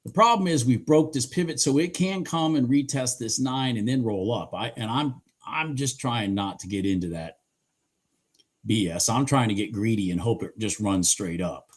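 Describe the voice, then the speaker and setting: A man with a medium-pitched voice, speaking at a moderate pace, commentates live on his day trades. He sounds hoarse and keeps clearing his throat, cheering the chart on and cursing casually.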